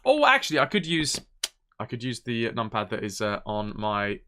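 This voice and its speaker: A man chatting through a live game stream, his pitch bouncing around animatedly as he talks things through. His tone is bright and forward, and he keeps up a loose, chatty flow, thinking aloud and answering viewers. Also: wildly swooping pitch, normal speed, slight background noise. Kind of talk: casual live-stream chat.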